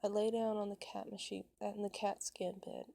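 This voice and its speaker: A woman reading a fan love story aloud, with a halting delivery full of restarts and stumbles. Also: medium pitch, level tone, creaky, dark tone, dry recording.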